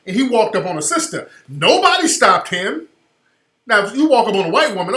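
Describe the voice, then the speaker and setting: High-voiced guy radio host going off over a clip, emphatic, echoey room. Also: big pitch swings, fairly quick. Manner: emphatic, slangy, rising loud when worked up. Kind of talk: opinionated commentary over a video clip. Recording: roomy echoey sound.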